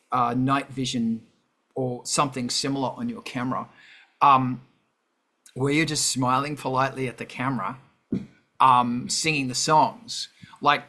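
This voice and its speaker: A man hosting a casual livestream chat, rambling and animated with many fillers and restarts. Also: mid-range voice. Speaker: host.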